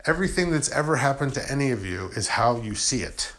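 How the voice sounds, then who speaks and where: A man's voice: mid-range voice, lively intonation, quick pace, fairly bright tone. A man in a casual, rambling spiritual monologue, acting out imagined objections and answering them with "you know" and "I'm like".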